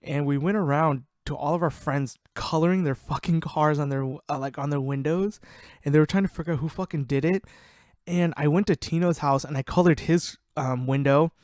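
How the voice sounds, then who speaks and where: A man's voice: a little high, fairly quick, no echo, clean studio sound. A young man hosting a podcast, swearing freely and laughing through casual stories about his friends. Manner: profane, laughing, animated storyteller. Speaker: podcast host. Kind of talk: casual storytelling.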